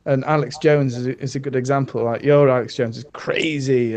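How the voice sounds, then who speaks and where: A man from Britain explaining things haltingly in a casual online group chat. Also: mid-range voice, fairly even intonation, darkish tone. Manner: halting, many restarts. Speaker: co-host of a group commentary chat.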